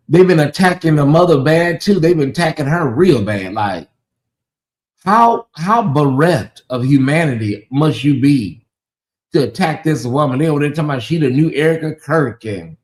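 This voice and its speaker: A man's voice: on the high side, a little mellow. A man with a Southern US accent hosting a casual livestream, talking straight to his viewers and reading out and answering their chat. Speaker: livestream host.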